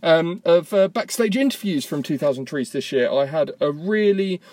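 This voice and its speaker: A man's voice: on the high side, animated, moderate pace, darkish tone. A man hosting a podcast from a parked car, talking in a rambling, self-mocking way. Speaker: podcast host. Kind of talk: casual podcast chat. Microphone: tablet voice memo app.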